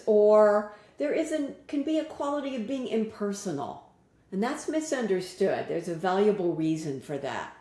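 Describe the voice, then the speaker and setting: A woman voice coach narrating a lesson in a measured, list-like way with pauses between items. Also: on the low side, mellow, roomy sound.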